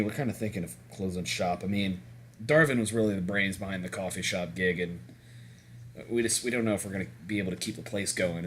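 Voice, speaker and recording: A man voicing a gruff, fed-up middle-aged coffee shop owner with a put-on Southern accent. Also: fairly low pitch, fairly bright tone, a little hiss or hum. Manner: gruff, cursing, weary.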